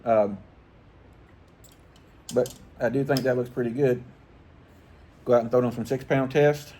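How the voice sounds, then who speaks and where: A man's voice: medium pitch, fairly even intonation, a little slow, warm tone, a little hiss or hum. A middle-aged man, chatting casually and profanely about fishing gear. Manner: rambling, profane, laid-back, chuckling. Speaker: fishing channel host. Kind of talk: casual vlog chat.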